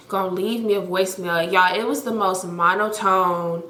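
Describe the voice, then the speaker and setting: A young woman telling a story in a casual, animated, slangy vlog, talking fast with lots of fillers. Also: mid-range voice, reverberant. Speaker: storytime vlogger.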